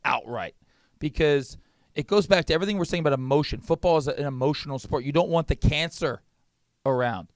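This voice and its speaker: A man co-hosting a sports podcast in casual chat, fired up and opinionated, cracking quick jokes. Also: fairly high pitch, no room sound, clean studio sound.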